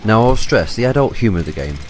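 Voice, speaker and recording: Guy doing a calm scripted game review, really low voice. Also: quick pace, slight background noise.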